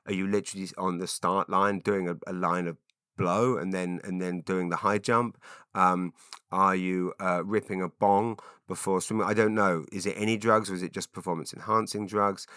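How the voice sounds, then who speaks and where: Middle-aged male podcast host, deep voice, bright forward tone, dry close sound, chatty and rambling. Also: level tone, moderate pace, clean tone, no room sound. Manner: chatty, rambling, many ums and restarts. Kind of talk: solo rambling monologue.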